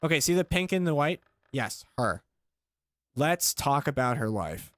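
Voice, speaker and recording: A man hosting a comedy podcast, chatting casually and riffing on jokes with quick tangents. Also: mid-range voice, very animated, no room sound. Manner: rambling, joking, quick tangents. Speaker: podcast host.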